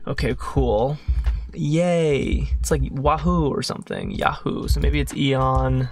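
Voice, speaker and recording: A man's voice: mid-range voice, very animated, slow, creaky, faint music behind. A man solving a crossword puzzle while thinking aloud, muttering, questioning himself and trailing off. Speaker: crossword solver.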